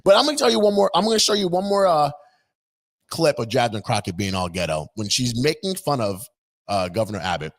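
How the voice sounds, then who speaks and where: A man's voice: medium pitch, very animated, a little fast. A man hosting an opinion vlog, talking in an indignant, mocking, rambling way. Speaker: political commentator host.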